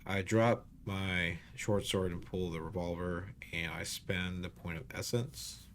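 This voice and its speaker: A man with a very deep, gravelly voice declares his character's moves in a tabletop game. He speaks in plain first-person statements. Faint hiss sits under the audio. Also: steady tone, a little slow. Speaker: player.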